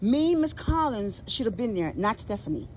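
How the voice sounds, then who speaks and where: A woman's voice: a little high, very animated, moderate pace, a little hiss or hum, poor audio. A tired woman walking with a cane outdoors among housing buildings, vlogging on her phone and indignantly repeating her complaints. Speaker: public housing tenant. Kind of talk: casual vlog filmed on a phone. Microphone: handheld phone.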